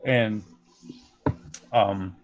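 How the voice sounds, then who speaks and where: A man narrating as game master in a relaxed, rambling way, full of fillers. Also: lowish voice, drawn-out words. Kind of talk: improvised tabletop narration.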